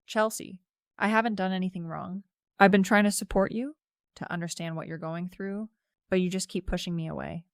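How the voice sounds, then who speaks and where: Tired, calm boyfriend in a spoken story, read by a woman, low and steady. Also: a little fast, creaky, smooth, dry recording, clean studio sound. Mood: weary. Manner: calm, worn-out, patient. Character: tired, weary adult boyfriend pleading calmly. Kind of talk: first-person story narration.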